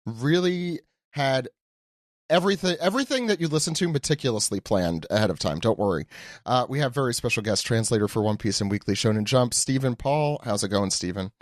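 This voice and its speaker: A man hosting a podcast in a casual, joking way, teasing his guests with quick asides. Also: mid-range voice, expressive, no echo, clean studio sound. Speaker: podcast host. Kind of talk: casual chat.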